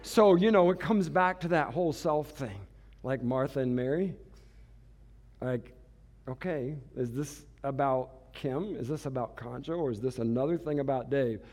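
A man's voice: medium pitch, moderate pace, a little mellow. A man giving a storytelling sermon as a pastor, chatty and self-mocking, laughing at himself.

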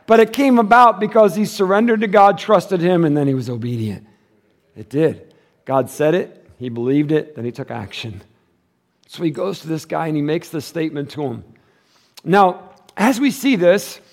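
A male pastor preaching a sermon in a casual, conversational way, using slang, and swinging between loud, emphatic stretches and quiet, low passages.

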